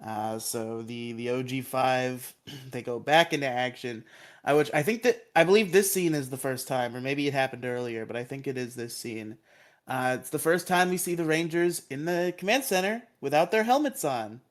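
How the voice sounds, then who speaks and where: A man's voice: medium pitch, animated, moderate pace. A man co-hosting a casual podcast, recapping episodes in a joking, insistent, self-mocking way. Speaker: podcast co-host.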